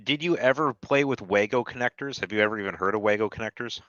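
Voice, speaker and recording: A lower-pitched man whose voice sounds bright and pointed, recorded dry and close with no room sound. He chats bluntly as a podcast host and swears with enthusiasm. The sound is slightly dull and lo-fi. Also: fast, no room sound. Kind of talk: casual chat.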